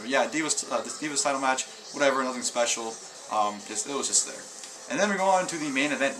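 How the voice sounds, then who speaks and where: Bright-voiced man rambling through a review. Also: mid-range voice, rough recording. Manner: rambling recap with many fillers and restarts. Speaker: wrestling show reviewer. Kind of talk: casual video review. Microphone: camera mic.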